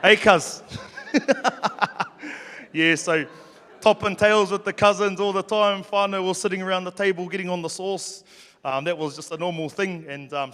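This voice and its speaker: A man with a New Zealand accent spins stories from his childhood for a live crowd, casual and cheeky with a lot of swearing. His voice sits a bit high. It carries with the long reverb of a hall. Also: a bit bright. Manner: casual, joking, swears freely. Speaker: speaker. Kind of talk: storytelling talk to a live audience. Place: hall with an audience.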